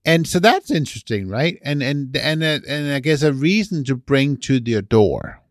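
In a clean studio recording without echo, a man co-hosting a podcast talks casually in an expressive mid-range voice at a moderate pace. He works through ideas aloud, questioning and tacking on "right?" to get agreement.

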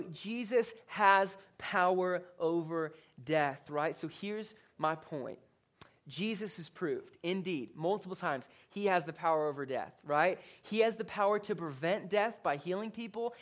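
Man preaching a casual, conversational sermon. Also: high voice. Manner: conversational, animated storytelling with frequent "like" and "right?". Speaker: pastor.

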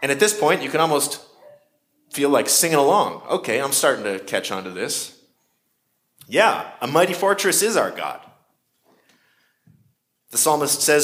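Man preaching with lively pitch. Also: moderate pace, pauses often. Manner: conversational preaching with varied emphasis. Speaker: pastor. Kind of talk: sermon.

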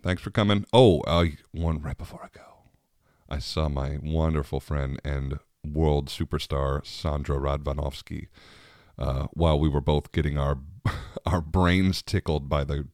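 A man with a very low voice talks his way through a loose, chatty podcast monologue. He rambles and laughs easily as he goes. The sound is dry and close, with no room echo. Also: steady tone, unhurried, darkish tone. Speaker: podcast host. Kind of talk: casual monologue.

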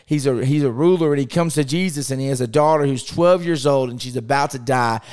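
A man's voice: mid-range voice, fairly quick, a little mellow, clear, resonant tone. A man preaching a podcast sermon with impassioned rhetorical questions, acting out scripture quotes in his own voice.

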